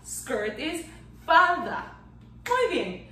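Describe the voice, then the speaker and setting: Animated woman teaching young children. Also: high-pitched, very slow, reverberant, distant mic, low-quality recording. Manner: animated and playful, claps out syllables, counts down magic tricks. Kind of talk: children's language lesson.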